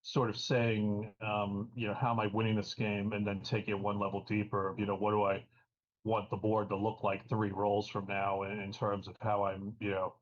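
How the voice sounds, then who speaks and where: A man giving live game commentary, analytical and halting, full of fillers. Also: lowish voice, monotone. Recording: dull lo-fi stream audio.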